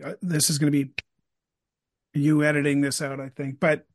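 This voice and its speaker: A man hosting an interview, chatting casually with many quick asides and restarts. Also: a little high, level tone, no room sound, clean studio sound. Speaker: podcast host, interviewer.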